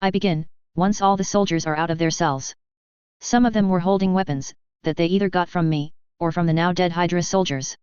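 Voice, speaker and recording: A woman reading a fan fiction story aloud in a steady, even storytelling manner. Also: fairly low pitch, a little fast, clear, resonant tone, dry recording. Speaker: audiobook reader. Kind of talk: fan fiction audiobook narration. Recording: dry, slightly dull home recording.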